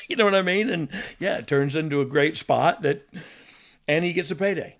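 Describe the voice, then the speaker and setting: A man's voice: fairly high pitch, normal speed, a bit bright. A middle-aged man hosting a podcast, chatting casually in a rambling way with frequent laughs and restarts. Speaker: podcast host, former wrestler. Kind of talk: casual chat.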